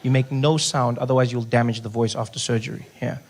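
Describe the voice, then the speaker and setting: A man, doing animated stand-up storytelling and jumping in and out of the voices of other people. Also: mid-range voice, quick pace. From South Africa. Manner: animated, acts out voices, drops to a hush for effect. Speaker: stand-up comedian.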